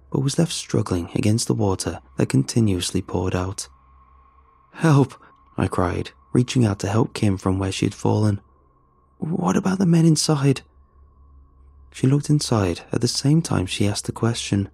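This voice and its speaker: A man narrating a first-person horror story in a measured, tense storytelling manner. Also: lowish voice, creaky, a little mellow, slightly rough, no room sound.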